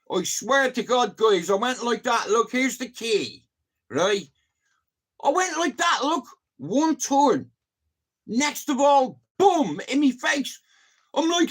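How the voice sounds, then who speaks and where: A Dublin Irish man chatting casually on a live stream, telling animated stories and swearing freely. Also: extremely high pitch, a little slow.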